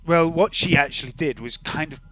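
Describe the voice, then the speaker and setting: A man voicing a crude, cocky young woman gang member who shouts and swears. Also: on the high side, brisk.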